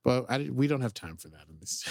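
Excitable rambling male podcast host. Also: mid-range voice, normal speed, vocal fry, dry recording, clean studio sound. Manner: excitable, rambling, heavy use of "like". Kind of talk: casual episode recap chat.

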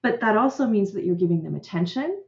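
A woman's voice: mid-range voice, animated, quick pace, a little mellow. Middle-aged woman coaching parents, earnest, keeps saying right?, roomy muffled sound. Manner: gestures a lot while talking. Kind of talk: podcast interview conversation. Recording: roomy, slightly dull audio.

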